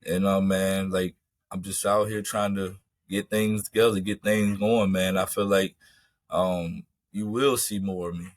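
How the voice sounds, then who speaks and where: A lower-pitched man talks loosely about his comedy career. He drifts along, padding his lines with "man" and "you know." The recording is close and dry. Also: level tone, unhurried, no echo. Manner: laid-back, rambling, fillers like "man" and "you know". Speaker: comedian guest. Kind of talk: casual interview chat.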